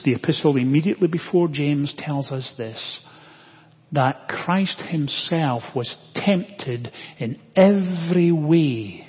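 Slow, husky-voiced preaching man. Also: mid-range voice. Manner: slow, deliberate preaching with long pauses, dropping to a hush. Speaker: pastor. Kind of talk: sermon. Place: church sanctuary. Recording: dull lo-fi audio with long church reverb.

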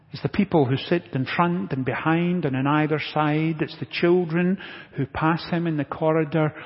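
High-voiced pastor in an echoing sanctuary. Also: male voice, slightly rough. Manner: earnest, builds to emphatic repetition. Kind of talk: sermon. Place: church sanctuary. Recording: dull lo-fi audio with long church reverb.

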